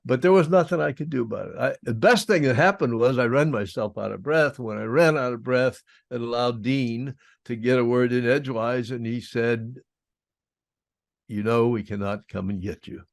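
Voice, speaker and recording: A man's voice: medium pitch, moderate pace, creaky, no room sound, clean studio sound. An older man, a former prisoner of war, telling his story in an interview in a plain-spoken, wry, self-deprecating way.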